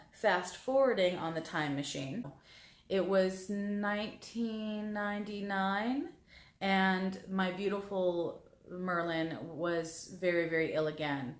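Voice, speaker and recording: Heartfelt woman telling stories, low voice. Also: roomy sound. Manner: heartfelt, repeats words as she recalls. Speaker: guest on a spiritual talk show. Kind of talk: personal storytelling.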